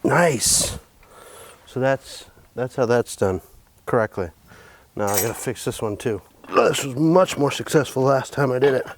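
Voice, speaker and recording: A man's voice: medium pitch, measured pace. Man, farm vlog host, muttering and swearing through tractor work outdoors, noisy background. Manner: profane, joking, muttering to himself. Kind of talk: casual narrated self-talk while working.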